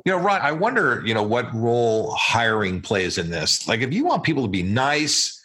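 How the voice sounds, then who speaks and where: Man, podcast host, bright tone, lively pitch, musing questions. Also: normal speed. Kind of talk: podcast interview.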